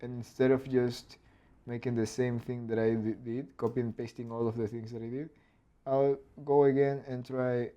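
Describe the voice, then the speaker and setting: Hoarse man muttering while animating. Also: medium pitch, little pitch movement, moderate pace, hardly any pauses, lo-fi sound. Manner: thinks aloud, mutters, mimics barks. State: hoarse throat. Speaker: animator streaming his work. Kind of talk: casual narrated work session.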